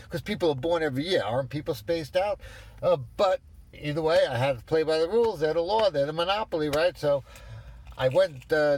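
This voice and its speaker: A man's voice: on the high side, darkish tone. A man in his fifties ranting in a rambling, exasperated way, swearing as he goes. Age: 50s. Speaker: ranter. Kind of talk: casual rant.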